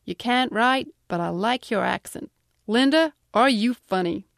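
A woman's voice: on the high side, lively intonation, unhurried, gravelly, dry recording, clean studio sound. A woman with a British accent voicing a brusque, blunt male agency boss who talks in a curt, dismissive, salesy way.

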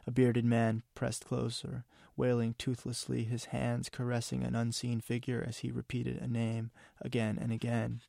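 A man, an author, reading from his novel in a measured, somber way. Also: mid-range voice, monotone, creaky, mellow, dry recording, clean studio sound. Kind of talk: literary reading.

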